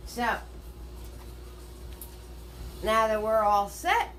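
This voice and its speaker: Her voice slightly high and her pace measured, a Washington state woman hosts an online painting class with a faint hiss or hum in the audio. She chats with viewers and greets them sing-song.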